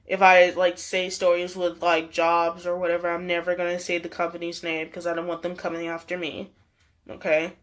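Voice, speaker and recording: A woman's voice: on the low side, monotone, normal speed. A young woman vlogger telling a story in a chatty way, full of "like" and laughs. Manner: chatty, many fillers and laughs. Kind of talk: storytime vlog chat.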